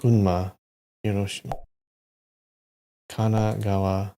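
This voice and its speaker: A man's voice: on the low side, slow pace, gravelly, pauses often, dark tone, slight background noise. A man streaming live, muttering place names to himself as he plays a map quiz, with sudden frustrated outbursts and the odd swear. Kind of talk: casual live-stream commentary while playing a map quiz.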